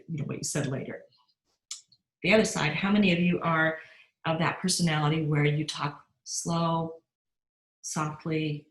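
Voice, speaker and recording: A middle-aged woman giving an upbeat motivational sales training talk and often asking her listeners questions. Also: deep voice. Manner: upbeat, asks the audience questions. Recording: roomy echo.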